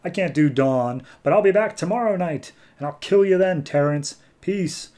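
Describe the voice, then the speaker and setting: A man doing a breezy vengeful ghost highwayman. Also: normal speed, dark tone, lightly acted. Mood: taunting. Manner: breezy, casually taunting.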